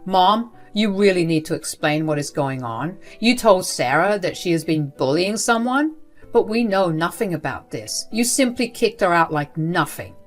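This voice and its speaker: A woman voicing a furious middle-aged father, confronting his mother in an outraged, shouting way. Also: on the low side, animated, normal speed, soft background music, lightly acted.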